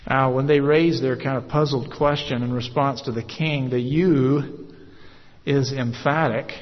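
A man at a middle pitch preaches through scripture verse by verse, measured and explanatory, often pausing on "uh". His voice rings with a long hall echo, and the recording is dull and lo-fi. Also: steady tone. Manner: measured, frequent "uh" pauses, explanatory. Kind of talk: verse-by-verse sermon. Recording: echoey hall, dull lo-fi sound.

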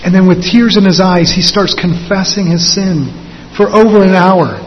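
A man pastor delivering an earnest sermon, slowing and lifting his voice for emphasis. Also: high voice, a little hiss or hum. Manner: earnest preaching, slows and lifts for emphasis. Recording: dull sound with long hall reverb.

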